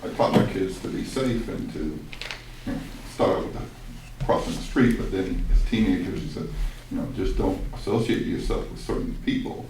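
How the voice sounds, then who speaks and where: Middle aged dad sharing at a workshop, really deep voice, heard far off, super echoey. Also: male voice, animated, moderate pace, a little mellow, a little hiss or hum. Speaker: workshop participant, parent. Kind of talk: sharing in a group discussion. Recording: distant, very echoey room mic.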